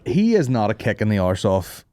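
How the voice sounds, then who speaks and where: A man's voice: lowish voice, sing-song, normal speed, darkish tone, no room sound. Male podcast host, sweary banter, dry close sound. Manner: sweary, laughing, mimicking others. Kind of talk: casual comedy chat.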